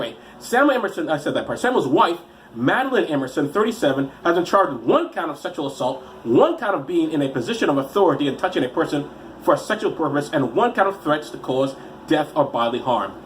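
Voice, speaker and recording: A man with an American accent and a cold reads news stories for comedy, rambling and sarcastic, tripping over his words. His pitch swings all over the place as he talks. A faint hum of room ambience sits behind him. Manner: rambling, sarcastic, quick-talking with many restarts. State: has a cold. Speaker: comedic show host. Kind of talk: comedic news-story reading.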